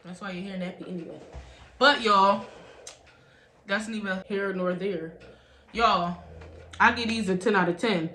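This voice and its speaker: Woman, beauty vlogger, casual and talkative, mid pitch, recorded at home with roomy echo. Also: measured pace, pauses often, a bit bright. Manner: chatty, says "y'all" constantly. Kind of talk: casual product review. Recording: roomy echo, faint background hum.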